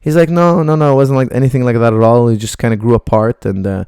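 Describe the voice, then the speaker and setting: A man's voice: medium pitch, fast, dark tone, clear, resonant tone, dry recording, studio quality. A middle-aged man, a martial arts coach, bluntly rambling through viewer questions on a live stream.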